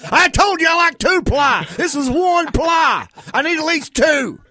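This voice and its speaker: A man playing a loud, exaggerated redneck guy with a hollering twang. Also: extremely high pitch, expressive, unhurried, dry recording, clean studio sound, voice pushed up, full character voice. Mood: outraged.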